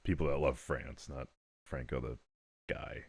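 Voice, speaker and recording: A man's voice: rumbling low, fairly even intonation, unhurried, breathy edge. A man hosting a livestream, talking in a rambling, casual way, swearing often and laughing between remarks. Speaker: livestream host. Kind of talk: casual commentary while reacting to clips.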